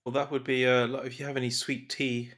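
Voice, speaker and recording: A man's voice of middling pitch, a man playing a polite traveler who rambles as he speaks. The voice sits in an ordinary, everyday range. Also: level tone, a little fast, a bit bright, close to an everyday voice. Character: English male traveler fond of sweet tea.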